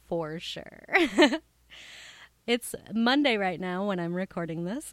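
A woman's voice: lowish voice, no echo. A young woman hosting a casual comedy podcast, chatty and playful, often giggling. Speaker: podcast host.

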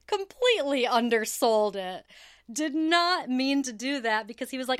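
A woman hosting her own podcast, chatting in a bubbly, friendly way and laughing often. Her voice is smooth and clear, at a middle pitch. The recording is dry and close, with no room sound. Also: lively intonation, slow pace, fairly bright tone, no room sound. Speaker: podcast host. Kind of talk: casual solo podcast chat. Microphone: headphones with cable, home recording setup.

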